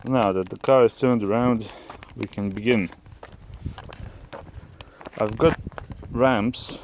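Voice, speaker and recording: A DIY car vlogger films a casual how-to repair video outdoors with his camera on a tripod, talking in a rambling, jokey way and correcting himself as he goes. His voice is fairly low and darkish, steady and slow, with a little hiss or hum in the background.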